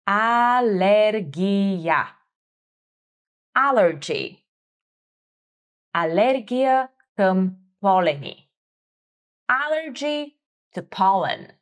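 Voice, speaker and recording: A woman teaching vocabulary, repeating each word slowly and carefully for learners. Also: medium pitch, sing-song. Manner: slow, careful repetition for learners. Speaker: language teacher. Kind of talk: slow vocabulary lesson.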